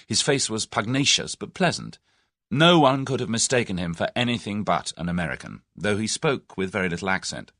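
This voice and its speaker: Deep-voiced, expressive male narrator. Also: no echo, studio quality. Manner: expressive, measured storytelling. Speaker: audiobook narrator. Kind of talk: audiobook narration.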